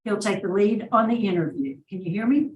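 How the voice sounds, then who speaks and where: A woman chairing a parole hearing, brisk and formal, reading details into the record. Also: medium pitch, animated, lo-fi sound. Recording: echoey hearing room, distant mic, faint noise.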